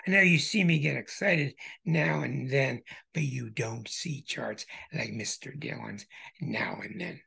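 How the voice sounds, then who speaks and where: A man hosting an astrology show who walks through birth charts in an emphatic way, with bursts of excitement. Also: mid-range voice, measured pace, vocal fry, slightly rough.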